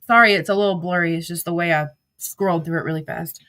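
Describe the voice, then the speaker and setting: A woman's voice: lowish voice, steady tone, quick pace, pushed and bright. Woman commentator, blunt and foul-mouthed, reads out text messages casually and breaks into sudden outbursts. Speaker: social media drama commentator.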